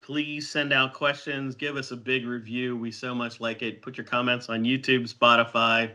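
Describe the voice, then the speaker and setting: A middle-aged man co-hosting a podcast in casual chat, rambling and halting with restarts. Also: medium pitch, little pitch movement, bright, forceful tone. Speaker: podcast co-host.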